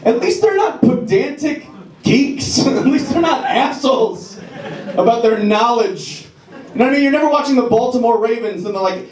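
A man's voice: very high voice, lively intonation, a little mellow. A man performing a wry, self-deprecating stand-up set on a comedy club stage. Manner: wry, self-deprecating, does quick voices for jokes. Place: comedy club stage before a live audience. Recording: echoey club with crowd laughter.

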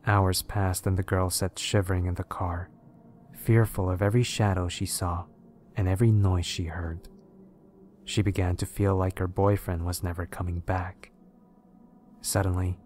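A man narrating scary stories in a steady, measured way. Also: low voice, slight background noise. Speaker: horror story narrator. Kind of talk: scripted narration of horror stories.

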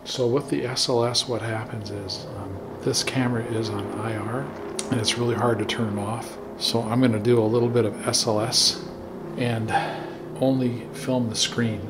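A man investigating a haunted hospital at night, talking in a hushed voice, often whispering, and calling out to spirits in a cold dark basement. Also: medium pitch, moderate pace, over music. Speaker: paranormal investigator. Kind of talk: ghost hunting vlog commentary.

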